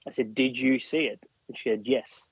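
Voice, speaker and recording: This Australian man's medium-pitched voice is steady, husky, and delivered at a moderate pace, in a dry, muffled recording. As a podcast guest he relates something that happened to him, acting out other people's lines.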